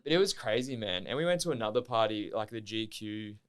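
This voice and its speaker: A young man with an Australian accent chatting loosely on a podcast. His voice is smooth and clear, at an ordinary pitch, and he piles on "like" and swear words as he tells a story. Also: lively intonation, a little fast. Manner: rambling, heavy use of "like", swears freely. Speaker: podcast guest, diver. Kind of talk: casual storytelling chat.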